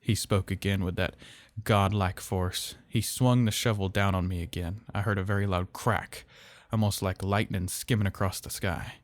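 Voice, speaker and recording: A man telling a horror story in slow, measured, somber narration. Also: low-pitched, fairly even intonation, dry recording.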